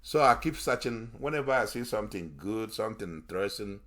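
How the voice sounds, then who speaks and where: A man's voice: fairly low pitch, animated, brisk, a bit bright. Heated man ranting on politics. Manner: heated, scornful, repeats himself for emphasis. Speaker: commentary show host. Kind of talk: political commentary monologue.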